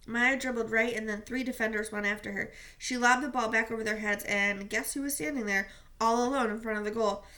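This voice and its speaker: Female audiobook reader, sharp bright tone, steady first-person narration. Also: on the high side, fairly quick. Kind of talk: reading a novel aloud.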